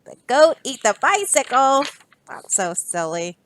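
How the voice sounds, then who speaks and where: Expressive woman teacher reading aloud. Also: high voice, a little slow, dry recording. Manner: expressive, storyteller with asides to children. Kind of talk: picture-book read-aloud for children.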